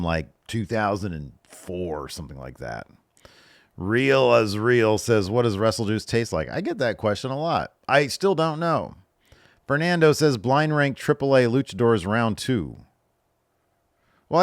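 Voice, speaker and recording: A man's voice: medium pitch, no room sound, clean studio sound. A man in his thirties hosting a podcast, reading viewer questions aloud and answering them in a loose, joking way. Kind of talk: casual solo Q&A chat.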